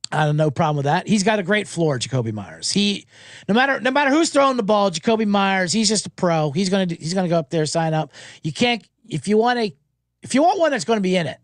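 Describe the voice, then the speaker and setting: A man hosting a sports betting show, talking casually and telling anecdotes with quick character voices. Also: a little high, dry recording, clean studio sound. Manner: animated storyteller, doing quick voices in anecdotes.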